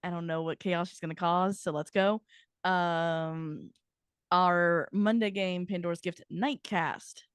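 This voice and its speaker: Female tabletop GM, unhurried chatty intro, clean dry sound. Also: fairly low pitch, fairly even intonation, smooth, no echo. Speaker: tabletop player and game master. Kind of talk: casual stream introduction.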